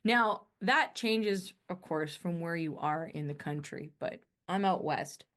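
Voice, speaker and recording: A woman's voice: on the low side, lively intonation, slow, a bit bright. Chatty Canadian woman podcast host. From Canada, northern Alberta. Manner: rambling, self-correcting, chatty. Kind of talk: casual solo monologue.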